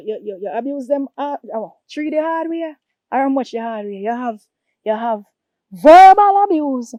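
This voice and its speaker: A woman's voice: high-pitched, warm tone, no room sound. A woman with a Jamaican accent playing a big sister who lectures her brother on abuse, talking in emphatic, preachy patois. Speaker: big sister giving advice. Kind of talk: Jamaican comedy-drama skit.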